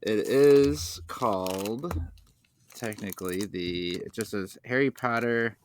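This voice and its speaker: A man hosting a casual snack podcast, low-key and dry as he leads the segments. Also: slow pace, slight background noise. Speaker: podcast host. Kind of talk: casual chat, snack tasting.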